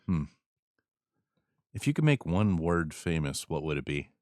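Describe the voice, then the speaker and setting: A man's voice: extremely low pitch, sing-song, a little slow, darkish tone, dry recording, studio quality. A man hosting a casual podcast chat, asking random questions and laughing often. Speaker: podcast host.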